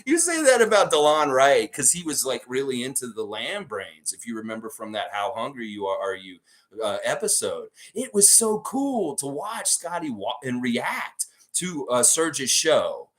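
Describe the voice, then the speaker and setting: Animated excitable man, fan podcast host. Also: medium pitch, moderate pace. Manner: excitable rambling storyteller. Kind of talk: casual fan commentary.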